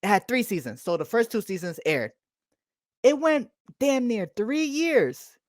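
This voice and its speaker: A woman's voice: fairly high pitch, big pitch swings, a little slow, dry recording, clean studio sound. A young woman co-hosting a podcast, rambling casually with lots of fillers and swearing. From United States. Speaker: podcast co-host. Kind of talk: casual chat.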